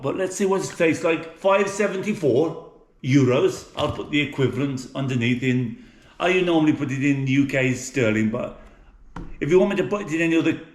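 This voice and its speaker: Fairly high-pitched, this middle-aged English cooking vlogger with an English accent talks casually in his home kitchen. Fillers and restarts are frequent, and the room sounds echoey.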